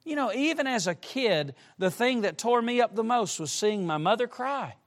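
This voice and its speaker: A middle-aged man preaching to young people, with emphatic direct appeals and shifts between soft asides and loud, rising emphasis. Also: extremely high pitch, lively intonation, normal speed. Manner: emphatic, repeatedly urging listeners with direct appeals. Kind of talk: sermon to a youth congregation.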